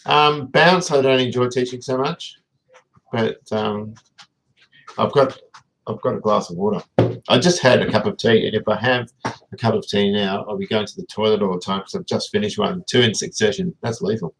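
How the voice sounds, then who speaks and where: A middle-aged man chats loosely on a live stream, greeting viewers one by one. His voice sits a little low. He rambles from topic to topic in an easygoing way. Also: fairly even intonation, normal speed, rough recording. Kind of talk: casual live-stream chat.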